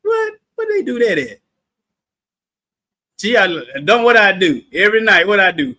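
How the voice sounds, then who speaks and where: High, bright-voiced man teaching scripture. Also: normal speed. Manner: animated, playful, calls on listeners; sudden shouted emphasis. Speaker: Bible study teacher. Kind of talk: livestreamed Bible study teaching.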